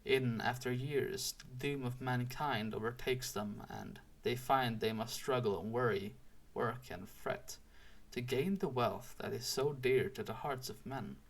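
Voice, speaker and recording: Wise ageless woodsman, slow and gravelly, gentle teacher vibe, read by a guy. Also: mid-range voice. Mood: gently instructive. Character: wise ageless male master woodsman, calm.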